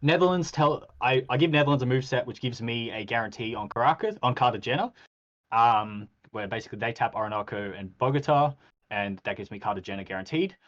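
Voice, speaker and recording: A man talks casually and keeps slipping into acted-out quotes, with frequent ums and restarts. His voice sits at an ordinary middle pitch. The sound is a little dull and lo-fi. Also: brisk. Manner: animated storytelling, acts out quoted exchanges, frequent ums. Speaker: podcast host reviewing a game. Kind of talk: casual game recap chat.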